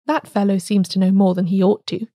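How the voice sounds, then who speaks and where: Woman doing a grumpy blunt doctor, kinda sulky, mellow voice. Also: medium pitch, flat delivery, fairly quick, no echo, clean studio sound, natural voice. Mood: grudging. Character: blunt peevish male country doctor.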